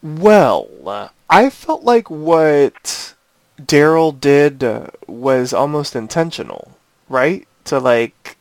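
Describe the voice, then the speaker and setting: Man, podcast co-host, higher voice, tentative, checks in with others, dry sound. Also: sing-song, takes it slowly, creaky, no room sound. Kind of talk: casual discussion.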